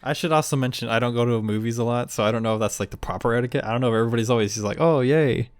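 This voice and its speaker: A man co-hosting a podcast in casual chat, chiming in with quick, joking remarks. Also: mid-range voice, steady tone, no room sound. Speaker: podcast co-host.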